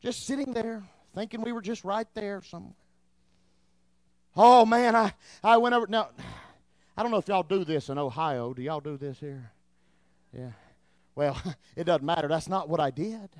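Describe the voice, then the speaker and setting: A man in his thirties preaching a sermon in church, telling a story in an animated way and repeating words as he gets excited. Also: high voice, moderate pace, long pauses, no echo, studio quality. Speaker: pastor.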